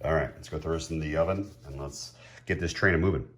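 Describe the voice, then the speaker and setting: Low-voiced chatty man cooking at home. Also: fast, slightly rough. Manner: chatty, laughs often, excitable. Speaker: home cook. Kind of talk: casual cooking vlog.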